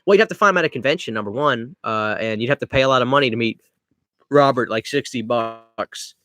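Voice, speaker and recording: A young man from Louisiana with a Cajun accent, hosting a relaxed live Q&A, rambling as he reads viewers' comments aloud. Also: mid-range voice, a little fast, no room sound. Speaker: livestream host answering chat. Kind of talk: casual live Q&A chat.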